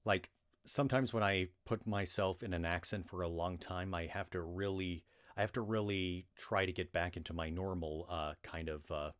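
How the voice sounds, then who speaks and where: A man with an American accent and a low voice chats casually to his livestream. He rambles, doubles back and fills gaps with "uh" and "like" as he speaks. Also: fairly even intonation, moderate pace, clear, resonant tone. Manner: rambling, with many restarts and fillers. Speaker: livestream reader.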